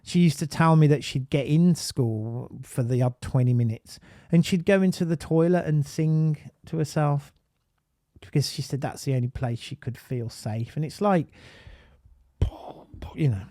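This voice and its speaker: Animated Brummie man, slightly high voice. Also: unhurried, no echo, clean studio sound. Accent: Birmingham. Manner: animated, emphatic, rambling with frequent restarts. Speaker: autism advisor and parent. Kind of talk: casual live-stream monologue.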